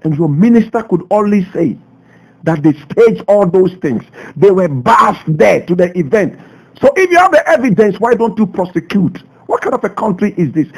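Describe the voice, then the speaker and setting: A Ghanaian man hosting a radio show, delivering a passionate commentary full of rhetorical questions, swinging between loud outbursts and low asides. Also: lively intonation, moderate pace, low-quality recording. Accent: Ghanaian English. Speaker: radio host. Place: radio studio.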